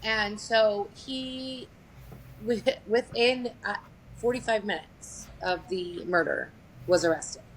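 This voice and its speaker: A woman recounts a family story in plain, candid conversation. She is blunt and unfiltered, swears without hesitation and stays matter-of-fact through hard details. Her voice sits at a middle pitch, and faint ambient noise runs behind her. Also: takes it slowly, poor audio. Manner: blunt, profane, matter-of-fact with frequent fillers. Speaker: guest sharing a family story.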